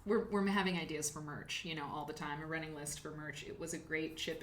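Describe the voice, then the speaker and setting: A woman's voice: deep voice, fairly even intonation, brisk, hardly any pauses, slight background noise. A woman hosting a live quilting show, chatting casually and rambling while she thanks viewers by name. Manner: chatty, rambling, reads chat names aloud. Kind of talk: casual livestream chat.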